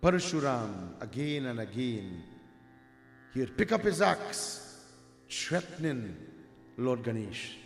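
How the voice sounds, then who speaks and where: A man's voice: mid-range voice, very animated, takes it slowly, creaky, long pauses. A man preaching a devotional story, often turning to his listeners with conversational asides. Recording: echoey hall with faint music.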